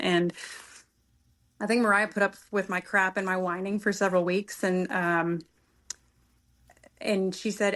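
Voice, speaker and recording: A woman's voice: lowish voice, steady tone, moderate pace, fairly bright tone. A woman guest on a podcast, telling a personal story in an earnest, emotional way and sometimes searching for her words.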